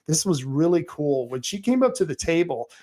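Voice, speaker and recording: A man hosting his own talk show, rambling through stories with lots of "uh" and restarts. His voice sits a bit higher than most men's. He sounds animated and loose, as if thinking aloud. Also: normal speed. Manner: rambling, animated storytelling with many fillers and restarts. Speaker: podcast host. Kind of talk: casual monologue.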